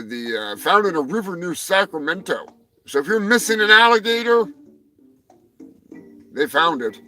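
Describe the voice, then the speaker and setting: A man hosting a live stream, riffing on animal news in a rambling, profane, jokey way, swinging between loud outbursts and muttered asides. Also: on the high side, low-quality recording. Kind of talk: profane comedic news rant.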